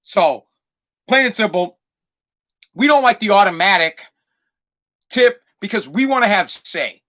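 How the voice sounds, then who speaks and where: A man's voice: high-pitched, sing-song, measured pace, fairly bright tone. A man hosting a solo podcast, ranting in a profane, emphatic way. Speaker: podcast host.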